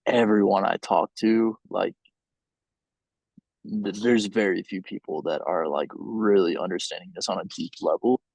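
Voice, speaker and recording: A man's voice: low-pitched, fairly even intonation, moderate pace, vocal fry, darkish tone, husky, no room sound, low-quality recording. A man in casual conversation, thinking aloud with hesitant restarts and fillers.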